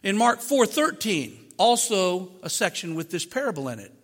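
A man's voice: high-pitched, big pitch swings, normal speed, a bit bright. A man preaching a sermon into a microphone in a conversational way, asking his listeners rhetorical questions. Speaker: pastor. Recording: long hall reverb.

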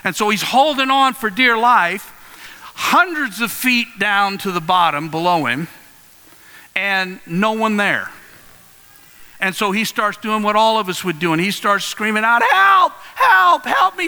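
Bright, high-voiced preacher in a reverberant hall. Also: male voice, unhurried. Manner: earnest, conversational, animated storytelling. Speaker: pastor. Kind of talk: sermon.

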